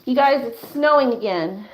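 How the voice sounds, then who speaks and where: A woman's voice: fairly high pitch, slight background noise. A woman hosting a casual live stream from home, chatting with viewers in a rambling way full of "like" and little laughs. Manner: chatty, lots of "like" and laughs, coos to pets. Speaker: livestream host. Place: home, indoors. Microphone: phone or webcam camera.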